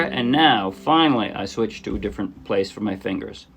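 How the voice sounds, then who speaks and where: A man of ordinary pitch walks through a ukulele song in a loose, thinking-aloud lesson, correcting himself as he goes. His ukulele rings out loudly under his voice. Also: brisk, hardly any pauses, loud music behind the voice. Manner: relaxed, thinking aloud, with fillers and self-corrections. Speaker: ukulele teacher. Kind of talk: casual step-by-step music lesson.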